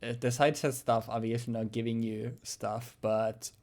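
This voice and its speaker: Young man, co-host, casual chat, joking, filler-heavy, mid-pitched. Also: flat delivery, moderate pace, darkish tone. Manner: loose and joking, lots of fillers and swearing. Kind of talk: casual chat about a card game.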